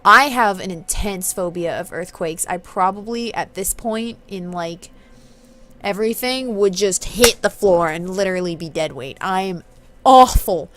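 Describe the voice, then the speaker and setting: A woman in her twenties from southern California, chatting in a rambling, self-deprecating way as she plays through a game, with sudden bursts of excitement. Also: medium pitch, measured pace. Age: 20s. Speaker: let's-play host. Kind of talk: casual commentary while reading a game.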